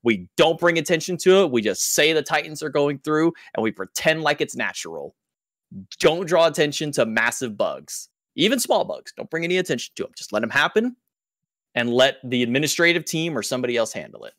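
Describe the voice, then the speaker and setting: A man's voice: on the high side, sing-song, brisk, fairly bright tone, no room sound, studio quality. A man who works as an esports caster, explaining things in loose casual podcast talk with lots of filler words.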